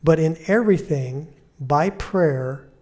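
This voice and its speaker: A man preaching a conversational sermon, repeating key phrases and slowing down to quote Scripture softly. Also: on the high side. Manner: slows and softens when quoting Scripture.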